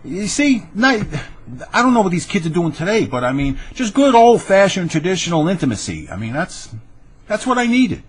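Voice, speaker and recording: A man's voice: high voice, sing-song, moderate pace, husky. A brash man rants to camera in a rambling webcam monologue, often stammering and restarting. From New York area. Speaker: video blogger.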